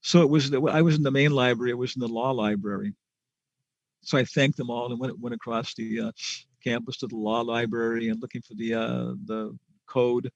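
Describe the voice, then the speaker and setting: Gravelly man teaching a scripture class. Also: medium pitch, fairly even intonation, normal speed, muffled recording. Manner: chatty storytelling with restarts and chuckles. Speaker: spiritual teacher.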